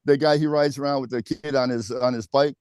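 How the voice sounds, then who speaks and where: A man co-hosting a casual podcast over a video call, easygoing and quick to laugh. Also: medium pitch, fairly even intonation, darkish tone, smooth, no room sound, clean studio sound. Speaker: co-host.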